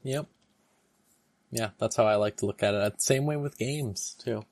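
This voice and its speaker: A podcast co-host chatting casually, telling animated stories. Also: medium pitch, unhurried, no echo. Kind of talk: casual chat.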